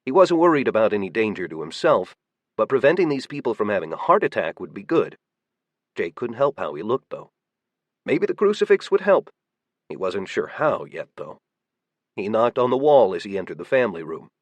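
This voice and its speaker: A man giving steady, measured audiobook narration. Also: fairly low pitch, no echo.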